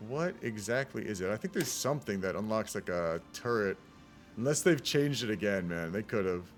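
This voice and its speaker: A man's voice: on the low side, expressive, normal speed, faint music behind. Laid-back man rambling over a strategy game. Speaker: streamer casting a multiplayer strategy game. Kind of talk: casual live game commentary.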